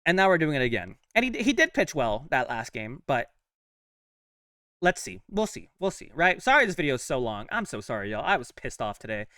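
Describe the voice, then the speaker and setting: A young man hosting a sports fan vlog, ranting bluntly and heatedly with lots of fillers, his voice worn hoarse. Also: medium pitch, sing-song, a little fast, bright, forceful tone, no echo, clean studio sound, distant mic. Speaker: sports channel host.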